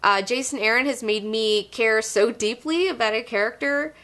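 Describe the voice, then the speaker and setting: Young woman, comic book show host, bright voice, higher pitch, excited profane rambling review. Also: normal speed. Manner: gushing, profane, rambling with fillers. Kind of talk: casual enthusiastic review monologue.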